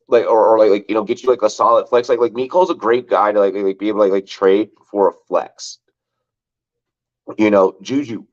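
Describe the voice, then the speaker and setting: A man hosting a fantasy football show in loose, rambling talk, full of repeated words and "like", with some swearing. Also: lowish voice. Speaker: fantasy football podcast host. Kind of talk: casual sports talk. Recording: dull lo-fi sound.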